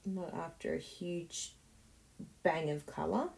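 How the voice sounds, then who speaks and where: A woman hosts a card-making tutorial, chatting encouragingly and thinking aloud as she crafts in casual tutorial talk. Her voice is on the low side, steady, slow, gravelly, and a little mellow.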